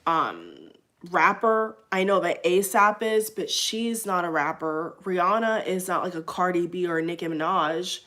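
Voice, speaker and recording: A woman's voice: fairly low pitch, bright, forceful tone. A woman vlogger giving opinionated commentary to camera, emphatic, repeating her phrases and speaking straight to her viewers.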